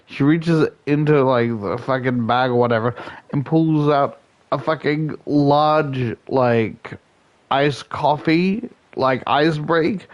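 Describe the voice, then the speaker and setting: A man's voice: mid-range voice, slow, dull audio. Sick, sore-throated man ranting. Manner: swears a lot, ranting anecdotes. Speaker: streamer. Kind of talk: casual storytelling while gaming.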